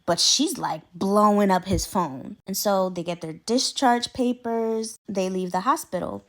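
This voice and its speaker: A woman's voice: medium pitch, unhurried. A woman telling a scary story in a casual, chatty way, acting out the characters' lines with her voice. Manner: chatty, acts out dialogue with her voice.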